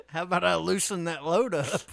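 A man's voice: high-pitched, animated, normal speed, vocal fry, fairly bright tone, no room sound, clean studio sound. A man teasing his co-host in casual chat, crude and joking, slipping into put-on voices.

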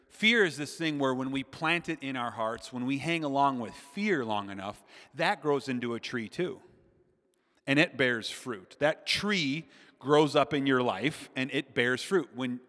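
Animated preacher man in a reverberant hall. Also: mid-range voice. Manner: animated, addresses the crowd directly. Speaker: pastor. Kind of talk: sermon with comic storytelling.

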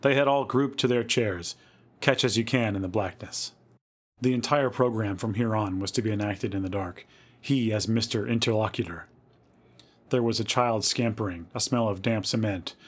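Low-voiced man reading a spooky story. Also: normal speed. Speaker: podcast host reading stories.

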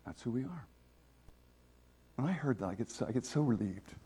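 A man preaching a sermon, emphatic, swinging between loud exclamations and quiet asides. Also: medium pitch, animated, moderate pace, husky.

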